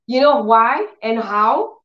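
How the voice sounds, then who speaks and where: A woman preaching a faith-healing sermon, telling stories with animated acted-out dialogue. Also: on the high side, slow, reverberant, lo-fi sound. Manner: animated storytelling, acts out dialogue in changed voices.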